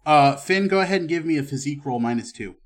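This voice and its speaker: A man narrating and running a western tabletop role-playing game as game master, relaxed and full of fillers. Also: a little high, fast.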